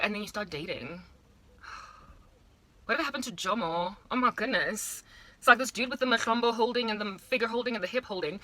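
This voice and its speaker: A woman's voice: medium pitch, moderate pace, sharp tone. A South African woman in her thirties, rambling playfully through a casual monologue with exaggerated asides. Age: 30s. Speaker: vlogger.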